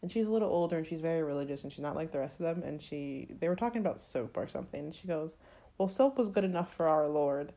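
A woman's voice: low voice, lively intonation, fast, dark tone. An American woman co-hosting a podcast, chatting casually with many "like" fillers. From United States. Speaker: podcast co-host. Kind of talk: casual chat.

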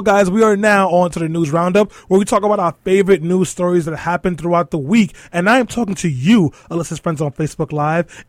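A man's voice: high voice, dry recording, studio quality. A man hosting a casual podcast chat, with snarky wisecracking asides. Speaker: podcast host.

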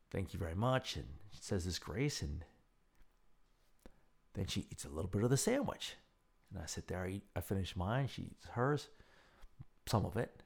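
A man hosting a podcast, casually telling a personal story and acting out the quotes in a raised voice. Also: gravelly. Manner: animated, acts out quotes in a higher voice; rambling with restarts and fillers. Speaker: podcast host.

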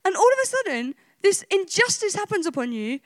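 A woman's voice: very high-pitched, big pitch swings, a little fast, dry recording, studio quality. A woman preacher giving an emphatic sermon, retelling a scripture story with rhetorical questions and repetition.

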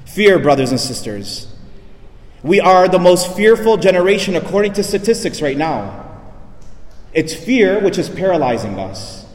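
A male priest delivering an emphatic sermon, dropping his voice low and soft on key lines. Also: very animated, a little slow. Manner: emphatic preaching, drops low and soft for weight. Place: church. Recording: echoey church reverb.

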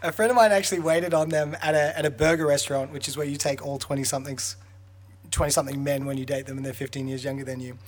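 A young man co-hosting a casual podcast, telling stories with a quick laugh. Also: a little high, fairly even intonation. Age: young adult. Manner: storytelling, laughs easily. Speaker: podcast co-host. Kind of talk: casual chat.

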